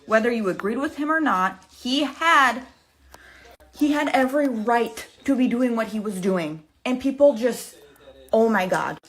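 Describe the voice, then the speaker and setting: An outraged woman swears in disbelief in a reaction video. Her voice sits fairly high. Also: animated, unhurried.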